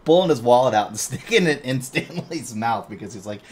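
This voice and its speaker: A man co-hosting a podcast in casual chat, retelling a story in an animated way, swearing constantly and laughing often. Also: medium pitch, fairly quick, a little hiss or hum. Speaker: podcast co-host.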